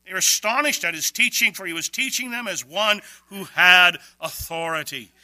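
A man preaching an expository sermon, emphatic, with quick bursts and slow, stressed words. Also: high-pitched, bright, forceful tone, no echo.

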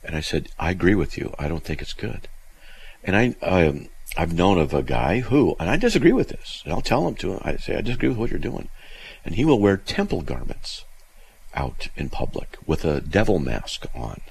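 A man hosting a call-in radio show, telling a story in a lively, animated way with many restarts. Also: low voice, normal speed, vocal fry, breathy edge, rough recording. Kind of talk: casual call-in radio talk.

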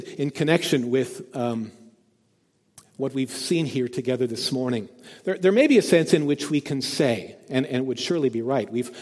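A man's voice: fairly high pitch, darkish tone. A man preaching a sermon in a church, earnest and emphatic, building up to repeated key phrases. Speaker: pastor. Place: church sanctuary. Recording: long hall reverb.

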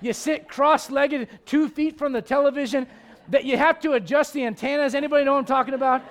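A man in his forties delivers a sermon from the pulpit with a strikingly high-pitched voice. He reads scripture and breaks off into animated, joking asides to the congregation. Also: a little fast. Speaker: pastor.

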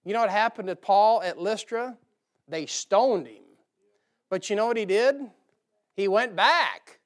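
A man's voice: high voice, lively intonation, a little slow, long pauses. A man preaching a sermon to a church, folksy and joking, rising to emphatic bursts. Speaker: pastor. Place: church sanctuary.

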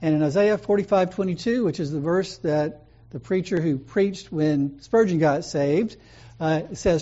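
Male pastor with a mellow voice, telling stories from the pulpit, muffled lo-fi capture. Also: high voice, moderate pace. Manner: conversational storytelling preaching. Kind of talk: sermon.

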